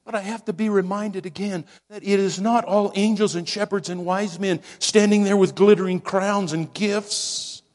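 A man preaching a sermon slowly and dramatically, dropping at times to a hushed near-whisper for emphasis. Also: sits high, fairly even intonation. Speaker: pastor.

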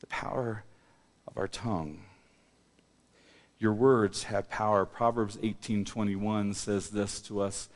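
A middle-aged male pastor preaching a sermon in a church, animated, swinging between loud emphasis and quiet asides. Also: on the low side, slow. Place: church hall. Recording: long reverb of a church hall.

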